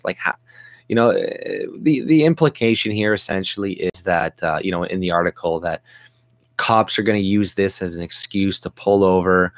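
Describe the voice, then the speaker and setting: A man's voice: sits low, no echo. A man hosting his own livestream, ranting in a rambling, profane, agitated way. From Canada. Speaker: vlog host. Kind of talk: livestream rant.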